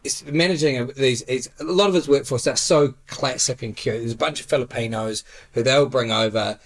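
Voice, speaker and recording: A man's voice: medium pitch, fairly quick. New Zealand man, podcast host, casual and sweary storyteller. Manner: crude, laughing storyteller, swears a lot. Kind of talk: casual chat.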